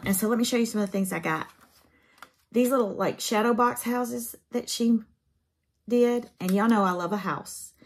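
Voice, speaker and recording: A woman's voice: fairly low pitch, slight background noise. A woman, chatting casually to camera as a craft vlogger in her home craft room, folksy and emotional.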